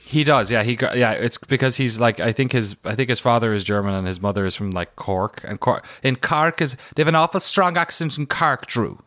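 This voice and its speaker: A man's voice: medium pitch, fairly quick, few pauses, a bit bright, no echo, clean studio sound. An Irish man co-hosting a podcast in casual, rambling chat with many fillers and self-deprecating asides. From Ireland. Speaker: podcast co-host.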